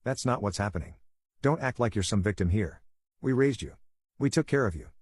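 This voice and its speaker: A man's voice: lowish voice, animated, brisk, breathy edge, no room sound, clean studio sound. A man voicing an angry, guilt-tripping middle-aged father who talks in a scoffing, dismissive way. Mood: scornful.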